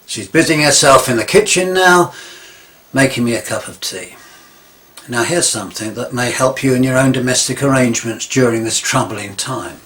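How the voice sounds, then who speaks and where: A man's voice: mid-range voice, moderate pace, fairly bright tone. Rambling pompous man storyteller. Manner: rambling, pompous, self-important. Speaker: comic character monologue. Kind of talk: deadpan comic storytelling.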